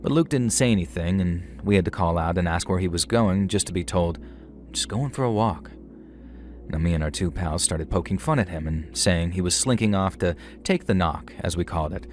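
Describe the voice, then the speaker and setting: A middle-aged man narrating a scripted horror story in a measured, wry storytelling manner. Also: deep voice. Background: faint music.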